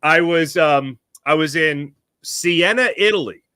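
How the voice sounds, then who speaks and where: Man, sports show guest, bright high voice, dry close sound, animated storyteller. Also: a little slow, clean tone, no echo. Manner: animated storyteller, acts out quotes. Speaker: guest commentator. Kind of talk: casual sports chat.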